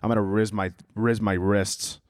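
A man's voice: on the low side, level tone, moderate pace, dry recording. Young guy ranting on his podcast, swears a lot, cracks himself up, dead dry mic. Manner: rambling, profane, laughs at own jokes. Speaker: podcast host. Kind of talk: casual comedic monologue.

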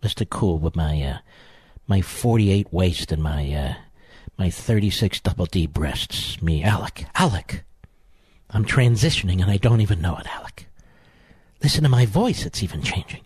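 A man's voice: low-pitched, lively intonation, darkish tone, breathy edge, no room sound, clean studio sound, voice pushed down, full character voice. A man mockingly imitating a vain, pompous man with a sneering parody voice. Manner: sneering parody, drawn-out mock boasting. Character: pompous vain man mocked, mid-aged male.

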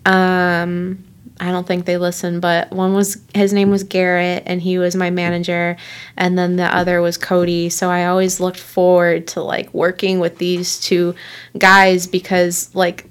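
A woman's voice: lowish voice, monotone, measured pace, clear, resonant tone. A woman in her twenties chatting casually as a podcast co-host, rambling with lots of filler words. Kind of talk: casual chat.

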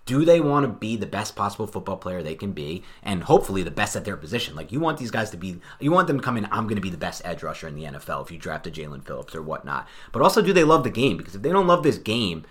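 Fast-talking low-voiced man in casual chat. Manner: fast, animated, thinks aloud. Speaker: podcast co-host.

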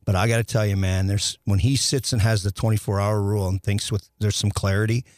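Rambling former hockey player telling stories. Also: male voice, on the low side, fairly even intonation, a little fast, no echo, studio quality. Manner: rambling with many restarts, acts out quoted dialogue. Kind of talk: casual storytelling chat.

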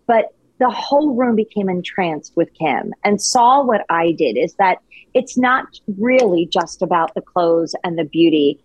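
Animated, lively-voiced woman. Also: fairly low pitch, a little slow, dry recording, highs cut off. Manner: animated, affectionate talker. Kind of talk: casual chat.

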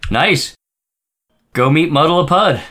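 A man on a podcast panel, tossing out playful quick quips in casual banter. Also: on the high side, sharp tone. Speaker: podcast guest.

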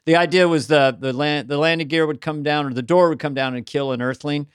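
Slightly high-voiced jokey male co-host. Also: steady tone, clear, resonant tone, no room sound, clean studio sound. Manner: jokey, quick asides. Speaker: podcast co-host. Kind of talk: casual chat.

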